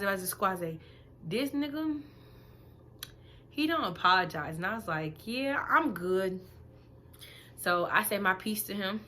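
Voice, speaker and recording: A young woman, five months pregnant, telling a story in a blunt, profane, animated vlog rant that swings between loud outbursts and quiet asides. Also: fairly low pitch, a little hiss or hum. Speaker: vlogger.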